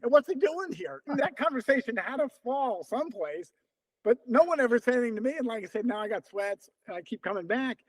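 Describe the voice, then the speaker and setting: Man, about seventy, interview guest, conversational storytelling, acts out quotes, fairly high voice. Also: fairly quick. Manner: lively, acts out remembered dialogue in quotes. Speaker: interview guest, veteran distance runner.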